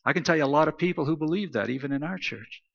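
Man, pastor, sermon, forceful bright voice, emphatic repetition, dull sound. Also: a little high, lively intonation, rapid-fire, vocal fry, big-room sound. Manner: emphatic, repetitive preaching cadence.

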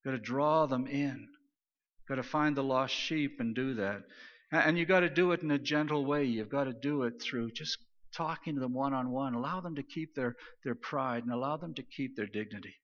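A man preaching a sermon, retelling scripture in a casual, animated paraphrase. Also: medium pitch, moderate pace. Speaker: pastor. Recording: dull lo-fi sound with long hall reverb.

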